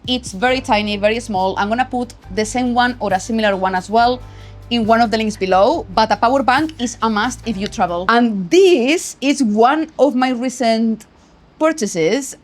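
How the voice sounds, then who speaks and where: A young woman with a Spanish accent, talking casually and emphatically about her travel camera gear in a vlog, often adding "okay?". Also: a little high. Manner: chatty, emphatic, tags lines with "okay?". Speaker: photography vlogger. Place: travel location.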